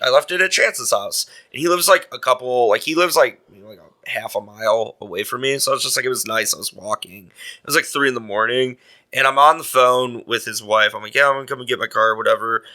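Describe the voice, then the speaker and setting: A man's voice: mid-range voice, moderate pace, pushed and bright. A young man on a podcast telling crude, mischievous stories, acting out what others said. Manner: crude, antagonizing storyteller, acts out quotes. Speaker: podcast co-host. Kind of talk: casual storytelling chat.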